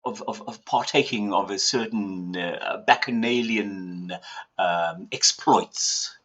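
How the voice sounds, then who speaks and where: His voice sits on the low side, a bit bright, and he takes it slowly over dull audio. The southern African man rambles and chuckles theatrically while hosting a casual livestream from home.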